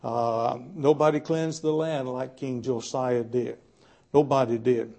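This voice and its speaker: Gravelly folksy preacher man. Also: mid-range voice, fairly even intonation, a little mellow. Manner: folksy, plainspoken with frequent "uh" pauses. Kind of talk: sermon.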